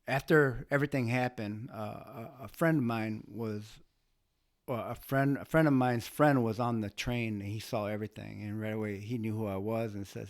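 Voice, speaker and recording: Halting, emotional man telling a story. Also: lowish voice, steady tone, no room sound, clean studio sound. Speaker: guest, bystander who helped. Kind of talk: casual storytelling.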